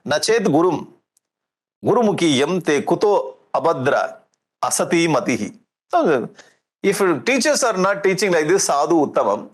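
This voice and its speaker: A man with an Indian English accent giving a lively spiritual discourse, jovial and often chuckling as he acts out scenes. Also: on the high side. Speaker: swami giving a scripture discourse.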